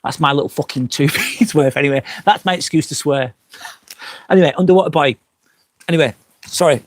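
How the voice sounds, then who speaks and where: A man hosting a casual live stream outdoors by a fire pit, a little drunk on wine, rambling through chat comments with lots of swearing and quick apologies. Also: on the high side, a little hiss or hum. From England. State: tipsy from wine.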